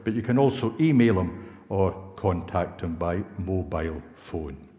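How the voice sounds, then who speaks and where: A man reading the notices in a church service in a measured, courteous way. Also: sits low, animated, dark tone. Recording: echoey church hall.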